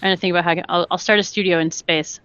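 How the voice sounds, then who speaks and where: A woman, a film animator guest on a podcast, telling stories in an excited, laughing way. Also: on the low side, rapid-fire, clean tone, dry recording. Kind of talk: casual chat. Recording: dull dry sound.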